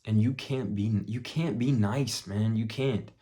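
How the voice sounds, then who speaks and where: A young man vlogging, telling a story bluntly with plenty of swearing and dropping to a hush for his own thoughts. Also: fairly low pitch, measured pace. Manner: profane, blunt, drops to a muttered hush for quoted thoughts. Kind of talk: casual storytelling vlog.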